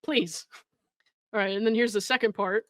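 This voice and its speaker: A woman's voice: mid-range voice, moderate pace, a bit bright, no echo. A woman hosting a commentary show, reading messages aloud and mocking them with sarcasm, swearing and frequent laughter. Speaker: commentary host.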